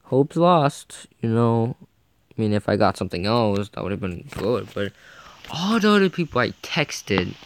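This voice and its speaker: Low-voiced man ranting to camera. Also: very animated, measured pace. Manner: frustrated, rambling, heavy on "like" and "you know", re-enacts dialogue. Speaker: vlogger. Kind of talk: casual ranting story to camera.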